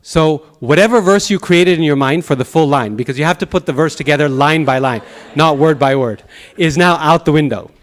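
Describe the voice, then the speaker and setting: Animated man telling teaching stories. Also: fairly high pitch, fairly quick. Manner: animated storyteller with chuckles and restarts. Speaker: Sanskrit teacher. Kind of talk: lecture with anecdotes. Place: temple class.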